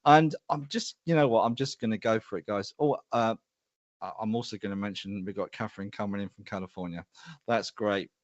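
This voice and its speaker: A man's voice: on the low side, brisk, no echo, lo-fi sound. A middle-aged man hosting a live show, chatty and self-deprecating as he greets viewers by name. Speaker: host.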